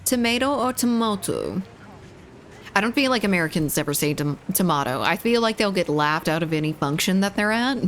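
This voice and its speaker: A woman's voice: lowish voice, animated, slight background noise. Playful woman streamer chatting while gaming. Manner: playful, chatty, reads chat aloud, quick laughs. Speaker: game streamer. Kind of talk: casual live-stream chat while gaming.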